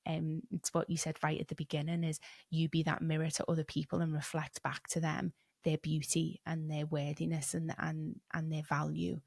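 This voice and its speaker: Woman podcast host, lowish voice, dry close mic, probing questions. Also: monotone, normal speed, vocal fry, few pauses, a little mellow, dry recording. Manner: thoughtful, musing questions, rises when asking. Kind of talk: conversational interview questions.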